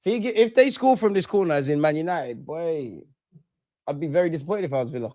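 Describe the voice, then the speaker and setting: A man's voice: on the high side, lively intonation, fast talker, dark tone, no echo. Slangy young man. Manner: chatty, slangy, openly bored. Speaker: football watchalong streamer. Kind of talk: casual live match commentary.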